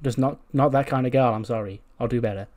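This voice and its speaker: A man's voice: mid-range voice, quick pace, a little mellow, natural voice. A man voicing a timid young woman assistant who apologizes meekly. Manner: meek, apologetic.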